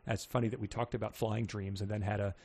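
A man's voice: on the low side, level tone, fast, a little mellow. A man co-hosting a podcast, casually reading listener emails aloud with wry humor and frequent chuckles. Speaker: podcast co-host.

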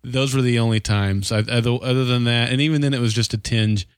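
A man's voice: mid-range voice, fairly even intonation, fast, clear, resonant tone, no echo, studio quality. A man co-hosting a podcast, talking casually and hesitantly, often repeating words as he thinks. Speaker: podcast co-host. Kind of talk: casual TV discussion.

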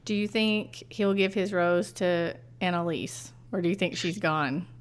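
A woman co-hosting a casual chat, teasing and quick with follow-up questions. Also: fairly low pitch, clean tone. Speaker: podcast co-host. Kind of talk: casual chat recapping a reality show.

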